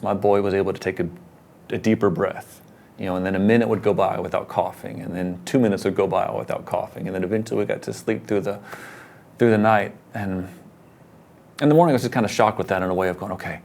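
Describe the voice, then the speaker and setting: A middle-aged man, a pastor, telling personal stories in an earnest, casual conversation, getting animated when he quotes himself. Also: lowish voice, slight background noise. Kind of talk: casual conversation about faith.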